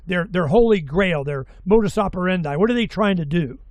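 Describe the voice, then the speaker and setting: An older man in his sixties with a high voice hosts a casual interview. He rambles, gets excited and swears freely. The sound is dry and close. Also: fairly quick, no echo. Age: 60s. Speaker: host.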